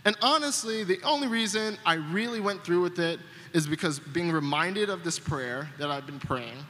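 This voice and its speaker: Animated young male pastor in a hall. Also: high-pitched, normal speed. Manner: animated, acts out quoted voices. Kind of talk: storytelling sermon. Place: church sanctuary. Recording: long reverb of a church hall.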